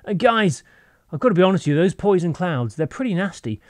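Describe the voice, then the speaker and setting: A man's voice: high-pitched, expressive, fast, darkish tone, dry recording, clean studio sound. A man hosting a gaming channel, giving playful, rambling gameplay commentary with goofy asides over a voice-over mic.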